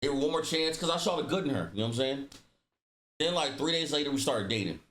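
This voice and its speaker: A man's voice: medium pitch, expressive, fast talker, fairly bright tone. A man telling a personal story in casual storytime style, slangy and profane, acting out the dialogue with voice shifts. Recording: roomy echo.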